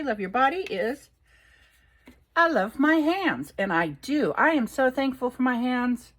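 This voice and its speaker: An older woman reading oracle cards aloud in a relaxed vlog, delighted and unhurried. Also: mid-range voice. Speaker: oracle card reader. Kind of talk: casual card reading vlog.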